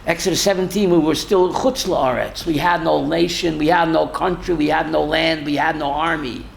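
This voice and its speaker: A rabbi teaching a Torah class to students, animated and full of rhetorical questions. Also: male voice, fairly high pitch, moderate pace, creaky, slight background noise. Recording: roomy classroom echo.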